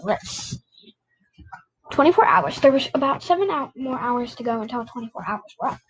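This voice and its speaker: Woman reading a kids book out loud, stumbles and rereads sometimes, higher-ish voice. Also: expressive, moderate pace, rough recording. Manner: unpolished, with slips and rereads. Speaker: reader. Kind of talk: reading a novel aloud.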